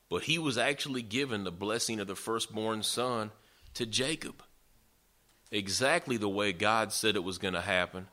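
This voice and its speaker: Folksy, forceful man preaching. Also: lowish voice. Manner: folksy storytelling, emphatic. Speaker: pastor. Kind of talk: sermon.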